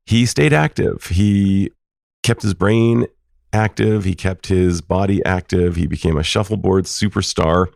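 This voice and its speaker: A middle-aged man hosting a podcast, telling family stories in a lively way and laughing now and then. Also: deep voice, vocal fry, no room sound, studio quality. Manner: warm, laughing storytelling. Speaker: podcast host, psychologist. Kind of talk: personal storytelling.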